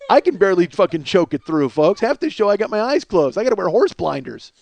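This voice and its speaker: Hoarse fast-talking comedian man. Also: high voice, very animated, darkish tone. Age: 40s. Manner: rambling, profane, self-mocking. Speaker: podcast host. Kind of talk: comedic solo monologue. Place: kitchen at home.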